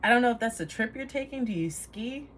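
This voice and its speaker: A woman's voice: fairly high pitch, animated, a little fast, very noisy. A woman giving a casual tarot reading to camera, rambling, trailing off and laughing at herself. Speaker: tarot reader.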